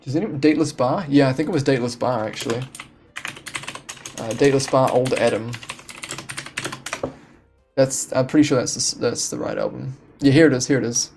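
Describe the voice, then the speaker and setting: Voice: medium pitch, fairly quick, vocal fry, pauses often, a little mellow, faint music behind. A game streamer chatting casually on a home stream, rambling with restarts and frequent laughs. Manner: rambling, laughing, self-deprecating. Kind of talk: casual live-stream chat. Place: home room.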